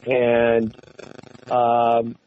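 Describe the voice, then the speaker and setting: Male voice actor guest, animated casual chatter, slightly dull recording with faint noise. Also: mid-range voice, extremely slow. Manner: animated, laughs often, many restarts. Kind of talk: casual podcast chat.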